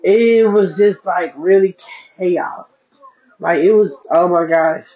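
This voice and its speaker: A woman's voice: on the low side, takes it slowly. Chatty woman podcaster, dull lo-fi sound. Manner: chatty, repeats herself for emphasis, addresses listeners as y'all. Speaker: podcast host, single mom. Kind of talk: casual solo podcast chat. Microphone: podcast mic. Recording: dull lo-fi recording.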